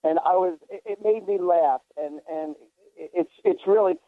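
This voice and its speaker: A man's voice: high voice, moderate pace, dry recording. A man hosting a psychic radio show, telling stories in a rambling way with many restarts. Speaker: psychic medium radio host. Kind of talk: casual radio chat. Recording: dry thin phone-line sound.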